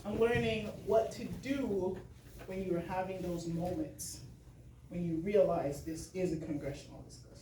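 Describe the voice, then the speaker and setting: A woman's voice: on the low side, steady tone, moderate pace, warm tone. A woman giving a keynote talk to a live audience, chatty and laughing often, with many fillers. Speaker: keynote speaker. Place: large hall with audience. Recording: echoey hall, mic far off, faint noise.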